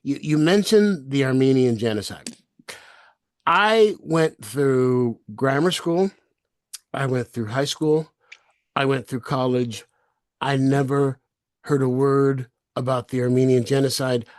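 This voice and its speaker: A man hosting a podcast roundtable who asks probing questions, often halting and restarting mid-thought. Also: mid-range voice, darkish tone, no echo, studio quality. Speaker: podcast host. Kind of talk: casual roundtable chat.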